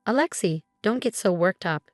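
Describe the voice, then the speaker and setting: A woman's voice: medium pitch, lively intonation, normal speed, darkish tone, dry recording, studio quality, soft background music, lightly acted. A woman voicing a pushy, scheming older mother-in-law who talks in a sweetly insistent, dismissive way.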